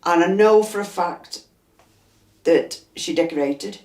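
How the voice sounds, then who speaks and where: A woman's voice: on the low side, slow pace. Chesty older Yorkshire woman telling a tale. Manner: lively storyteller acting out quoted dialogue. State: chesty cough. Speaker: resident interviewee. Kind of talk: storytelling interview. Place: inside a house. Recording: roomy echo.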